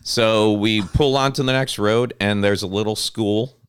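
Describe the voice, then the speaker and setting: A man in his thirties co-hosting a podcast, telling a story in casual chat with lots of swearing and animated delivery. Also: lowish voice, measured pace, a little hiss or hum. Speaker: podcast co-host.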